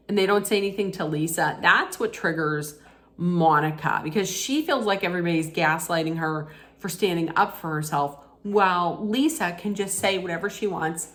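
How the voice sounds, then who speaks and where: A woman's voice: fairly low pitch, animated, measured pace. A woman vlogger recapping a reality TV episode in a casual, chatty way, retelling scenes and quoting lines with frequent restarts.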